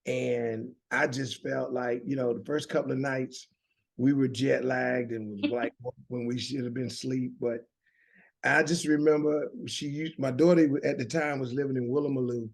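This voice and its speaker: A man's voice: mid-range voice, fairly even intonation, moderate pace, creaky. A middle-aged man with a Southern American drawl, telling his story earnestly as a guest on an interview show. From United States. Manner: earnest, with many restarts. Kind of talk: conversational storytelling.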